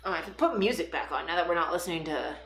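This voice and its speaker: A woman's voice: lowish voice, expressive, racing, a bit bright. A young woman chatting casually on a live stream at home, swearing freely and rambling with fillers. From Toronto, Canada. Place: home room, livestream. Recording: roomy echo with music playing.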